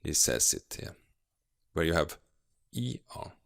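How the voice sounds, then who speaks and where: A man giving a video grammar lesson as a teacher, explaining slowly and patiently with frequent hesitations. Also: very deep voice, very animated, vocal fry, dry recording, studio quality. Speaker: language teacher.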